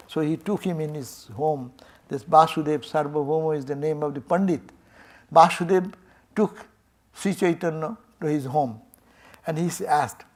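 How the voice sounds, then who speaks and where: A man's voice: a little high, normal speed. Older Indian man telling a sermon story. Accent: Indian English. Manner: animated, acts out dialogue, chuckles often. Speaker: swami giving a temple talk.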